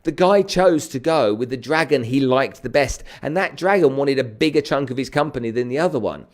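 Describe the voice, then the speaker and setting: Guy, middle aged, chatty sales coach on a livestream, lively, mid pitch. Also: a little fast. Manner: energetic, chatty, greets viewers by name. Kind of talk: live-streamed coaching talk.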